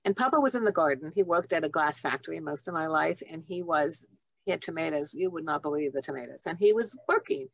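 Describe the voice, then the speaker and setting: A woman in her seventies, a guest author and teen counselor, telling warm family stories on a video call and acting out the voices in them. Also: deep voice, fast, gravelly, no room sound, lo-fi sound. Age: 70s. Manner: animated storyteller, acts out voices in her stories. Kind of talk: casual storytelling on a video call.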